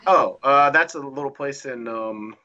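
Man, animated storyteller, casual chat, swears a lot, mid-pitched voice, slightly dull sound. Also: unhurried. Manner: animated storyteller, swearing, acting out quoted dialogue. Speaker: guest wrestler.

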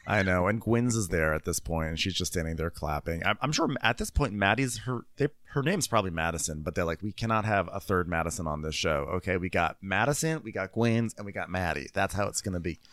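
A man casually recapping a reality show episode with a co-host, mocking and animated, slipping into quoted voices. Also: low voice, a little fast, hardly any pauses. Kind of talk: casual comedic chat.

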